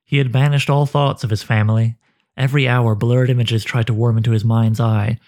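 A man narrating a dark fantasy story in a slow, measured way. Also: medium pitch, steady tone.

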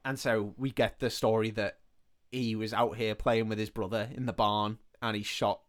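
A man co-hosting a podcast, casually retelling a film plot in an animated way and quoting the characters as he goes. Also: lowish voice, moderate pace. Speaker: podcast co-host. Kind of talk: casual film recap chat.

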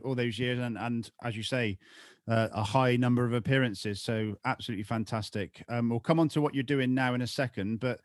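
A man's voice: mid-range voice, no room sound, clean studio sound. A man hosting an interview, asking questions with frequent fillers. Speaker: podcast host.

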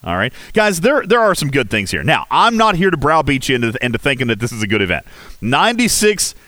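A man hosting a casual game livestream, talking in an animated, rhetorical way with many fillers. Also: medium pitch, quick pace, no echo. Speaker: livestream host. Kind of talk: casual game commentary chat.

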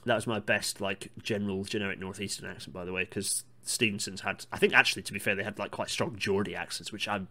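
A man's voice: lowish voice, fairly even intonation, fast talker, hardly any pauses, pushed and bright. A man hosting a podcast, talking casually and digressively about railway history, keen to bust myths. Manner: digressive, myth-busting, enthusiastic asides. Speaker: podcast host.

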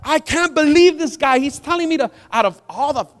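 A man's voice: very high-pitched, animated, fairly quick, pitched above the performer's own voice. A man preacher voicing an enraged, proud army commander in a fuming, indignant rant. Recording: long hall reverb.

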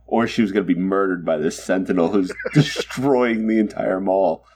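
A man's voice: low-pitched, normal speed, a little mellow. A man co-hosting a podcast, chatting casually and gushing enthusiastically about favorite moments. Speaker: podcast co-host. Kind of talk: casual chat.

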